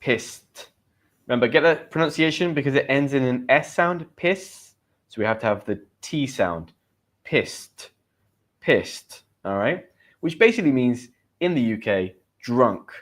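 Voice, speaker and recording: A man's voice: medium pitch, animated, fairly quick. A man with a British accent teaching English slang in a live stream, chatting with viewers and reading out their comments.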